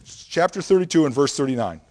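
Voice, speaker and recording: A man's voice: fairly high pitch, sing-song, brisk, darkish tone. Emphatic man teaching from the Bible. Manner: emphatic, explanatory, checks in with "okay?". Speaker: preacher.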